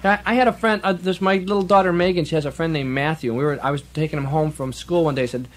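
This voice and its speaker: A man's voice: a little high, fairly even intonation, fast. A man, a children's folk singer, chatting playfully and quizzing a young audience between songs in a radio studio. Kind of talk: live children's concert patter. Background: acoustic guitar.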